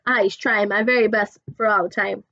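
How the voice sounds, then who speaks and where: A woman's voice: medium pitch, steady tone, fairly quick, pushed and bright, highs cut off, a little hiss or hum. Woman reading as a kindly old giant, muddled speech. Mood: earnest. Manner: mangled grammar and made-up words.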